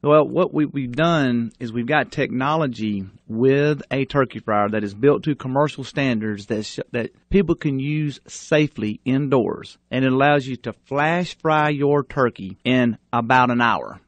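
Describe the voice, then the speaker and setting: A man's voice: medium pitch, a little slow, few pauses, dry recording. Eager salesy male guest. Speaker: guest, company executive. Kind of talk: enthusiastic promotional chat.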